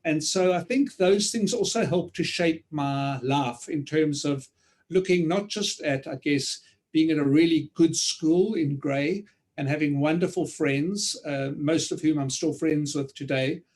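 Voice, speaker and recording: South african guy on a video call, kinda high voice, slow and thoughtful with lots of ums. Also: a little mellow. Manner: measured, many ums and pauses. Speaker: author guest. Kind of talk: reflective conversation.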